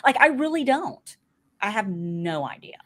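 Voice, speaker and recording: A woman's voice: mid-range voice, sing-song, unhurried, fairly bright tone. A woman with a Southern US accent hosting a casual chat show, playful and laughing often. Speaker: podcast host.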